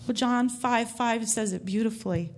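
A woman's voice: a little high, moderate pace, slight background noise. Woman giving an earnest church testimony. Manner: earnest, heartfelt storytelling. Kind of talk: personal faith testimony to a congregation.

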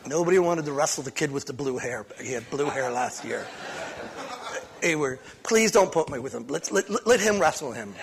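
A pastor reading a psalm aloud and then preaching a short sermon at a church service, talking conversationally with frequent restarts. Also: male voice, medium pitch, gravelly, slight background noise. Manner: conversational, with frequent restarts and sudden swings in loudness.

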